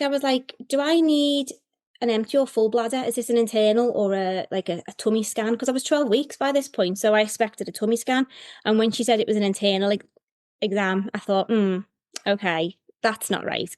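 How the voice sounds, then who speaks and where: A woman tells her own story as an interview guest. She talks candidly and emotionally, with many fillers and pauses. Her voice sits at a middle pitch and sounds dry and close, with no room echo. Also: darkish tone. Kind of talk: personal storytelling.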